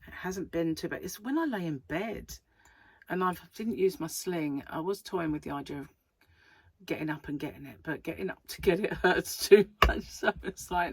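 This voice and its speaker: A woman's voice: fairly low pitch, normal speed, slight background noise. A middle-aged woman, chatting casually and rambling to camera as a crochet vlogger, laughing often.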